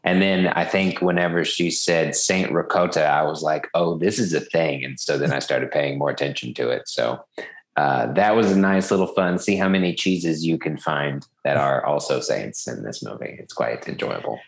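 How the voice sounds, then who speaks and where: A man with an extremely low, gravelly voice discusses a film in a casual podcast chat. He stops and starts, filling the gaps with fillers as he gathers his thoughts. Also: reverberant. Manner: halting, many fillers. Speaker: podcast co-host. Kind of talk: casual movie review chat.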